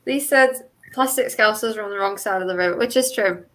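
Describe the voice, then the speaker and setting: A woman's voice: medium pitch, a little fast, fairly bright tone, poor audio. A woman with a Merseyside accent from the Wirral, chatting casually as a podcast co-host and laughing often. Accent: Merseyside English. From Wirral, England. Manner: chatty, laughs often, explains with many fillers. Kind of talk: casual chat.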